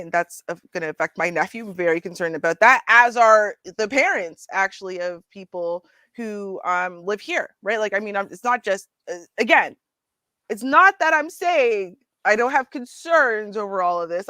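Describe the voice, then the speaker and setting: A woman hosting a casual commentary show, animated and sarcastic, laughing often and talking straight to her viewers. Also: mid-range voice, normal speed, no echo. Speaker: host. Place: Ontario.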